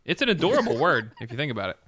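Sarcastic crude man, lively high voice. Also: rapid-fire. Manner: sarcastic, crude, mock accents. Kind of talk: casual chat.

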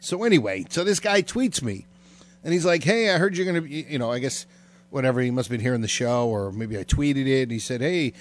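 A man's voice: mid-range voice, lively intonation. A man co-hosting a casual podcast, rambling with lots of fillers and trailing off. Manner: rambling, filler-heavy, drawn-out. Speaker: podcast co-host.

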